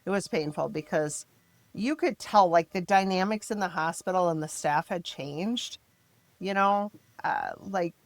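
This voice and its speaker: A middle-aged mother from the American Midwest telling her family's story in an interview, emphatic and frank, turning animated when she quotes others. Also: fairly low pitch, no room sound. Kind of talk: personal storytelling in a podcast interview.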